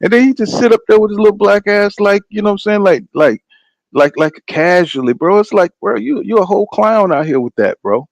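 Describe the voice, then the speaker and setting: A man's voice: high voice, animated, fairly quick, gravelly, no room sound. Profane man hosting a boxing live stream. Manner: loose, profane, greets viewers by name. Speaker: boxing channel host. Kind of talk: casual live-stream commentary.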